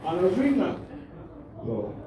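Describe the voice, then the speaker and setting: A man's voice: sits high, huge pitch swings, normal speed, highs cut off, noisy background. A man doing a crude, rambling stand-up routine and bantering with the crowd. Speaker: stand-up comedian. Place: comedy club stage. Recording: echoey room, mic from a distance.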